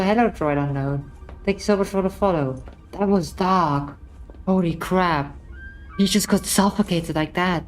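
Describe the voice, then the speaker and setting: A young woman streaming a game, chatting and reacting excitably to what happens on screen. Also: fairly low pitch. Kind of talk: live game stream commentary.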